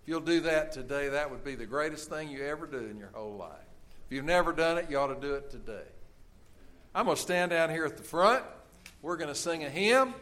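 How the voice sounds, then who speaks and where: Middle-aged male pastor preaching, earnest and pleading, fairly high voice. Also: expressive, fairly bright tone. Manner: earnest, pleading, with frequent "uh" pauses. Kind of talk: sermon.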